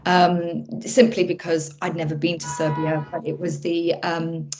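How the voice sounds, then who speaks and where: A woman film director, a podcast guest, tells the story behind her work in an animated, chatty way, often circling back and restarting her sentences. Her voice sits slightly low, and the recording sounds muffled and lo-fi. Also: unhurried. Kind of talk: casual interview chat. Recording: muffled lo-fi audio.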